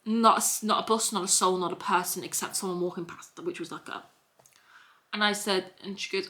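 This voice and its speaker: Brisk and bright, with a forceful tone, medium pitch and fairly even intonation, a young Scouse woman vlogs from home in a hoodie. She rambles through her story, repeating herself and stacking up restarts.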